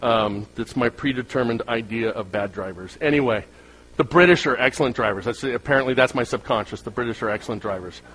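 A man's voice: medium pitch, fairly quick, a bit bright, low-quality recording. A man preaching a sermon to a congregation in a conversational way, with humorous asides and rhetorical questions to the crowd. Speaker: pastor.

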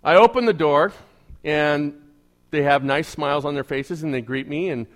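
A man preaching as an evangelical pastor, telling a story conversationally to his congregation and swinging between quiet asides and emphatic bursts. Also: a little high, moderate pace. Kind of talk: storytelling sermon.

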